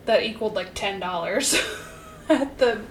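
A woman co-hosting a podcast in casual chat, self-mocking and quick to laugh, then narrating a cold case. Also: medium pitch, expressive, roomy sound, slight background noise, rough recording. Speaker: podcast co-host.

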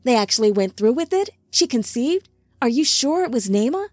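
A woman's voice: fairly high pitch, very animated, moderate pace, darkish tone, dry recording, soft background music, voice pushed up. A woman voicing an earnest young man who grows urgent and full of questions. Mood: alarmed. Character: earnest young human man, quick to alarm.

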